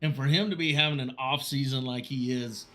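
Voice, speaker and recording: A man calling a sim racing broadcast, excitable and quick to shout at big moments. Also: mid-range voice. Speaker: race commentator. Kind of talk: sim racing play-by-play commentary.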